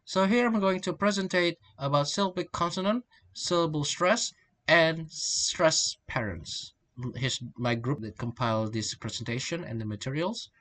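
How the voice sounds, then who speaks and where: A man's voice: a little high, normal speed, fairly bright tone. A young man, presenting a class talk and often repeating and restarting words. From Indonesia. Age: young adult. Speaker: student presenter.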